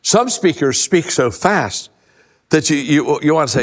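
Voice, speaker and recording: An older man giving a conversational leadership talk to a live audience, a folksy storyteller who restarts his sentences often and drops his voice low to stress a point. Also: expressive, a little slow, slightly rough. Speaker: leadership speaker. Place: large event hall. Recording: long hall reverb.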